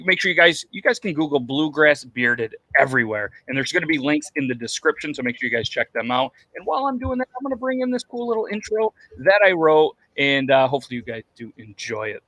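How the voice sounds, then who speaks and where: A man's voice: a little high, bright, forceful tone, no echo. A man hosting a casual podcast chat, loose and joking, with lots of fillers and restarts. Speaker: podcast host.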